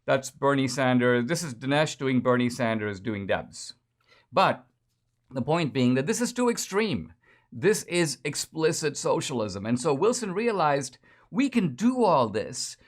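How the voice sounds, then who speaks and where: Sarcastic lecturing male commentator. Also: medium pitch. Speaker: political commentator. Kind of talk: lecture-style political commentary.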